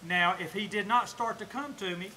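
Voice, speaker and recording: A Southern US man with a high, bright, forceful voice teaches dog training outdoors. He explains each step to the camera, then snaps out short commands to the puppy, with a faint hum of outdoor ambience behind him. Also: moderate pace.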